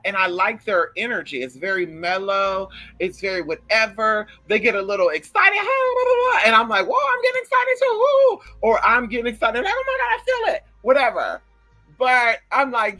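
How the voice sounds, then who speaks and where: Brash, foul-mouthed woman vlogger, bright and lively, faint music under her. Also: lowish voice, poor audio. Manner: brash, profane, animated, talks to viewers as girl. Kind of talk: casual rant to camera.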